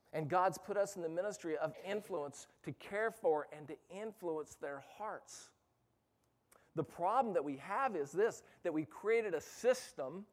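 A middle-aged man preaches to youth workers with a voice pitched a bit above the usual male range. He tells a personal story earnestly, stumbling over repeated words, then presses his point with rising urgency. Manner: earnest, repeats words in false starts, builds to emphatic urgency. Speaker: speaker addressing youth ministry leaders. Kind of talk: personal story within a sermon.

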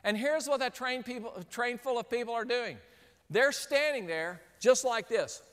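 A man with a high voice gives a sermon, telling a story with lively, acted-out moments. His voice rings through a large hall with a long reverb tail. He switches between plain teaching and playing out the scenes he describes. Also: normal speed, clear, resonant tone. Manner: animated storyteller, acts out scenes. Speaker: speaker.

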